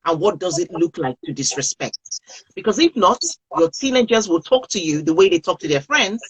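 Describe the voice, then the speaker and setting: A woman's voice: on the low side, lively intonation, fairly quick, slightly rough, poor audio. A woman coaching parents on a live video call, speaking earnestly and repeating key phrases for emphasis.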